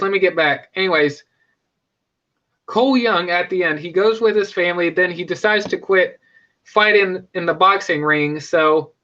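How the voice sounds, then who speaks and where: A young man chatting casually through a review, stumbling into restarts and filler words as he goes. His voice is high and bright. The recording is dull and lo-fi. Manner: rambling, with many restarts and fillers. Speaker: movie reviewer.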